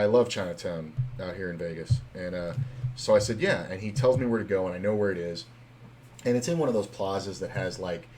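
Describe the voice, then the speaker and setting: Low-voiced man rambling on a stream. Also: a little mellow, a little hiss or hum. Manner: loose and rambling, heavy on fillers and swearing. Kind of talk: casual live-stream chat and storytelling.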